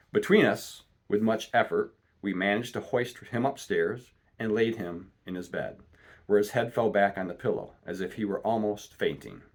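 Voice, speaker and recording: A man reading a classic adventure storybook aloud in a steady, measured way. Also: on the low side. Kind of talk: storybook read-aloud narration.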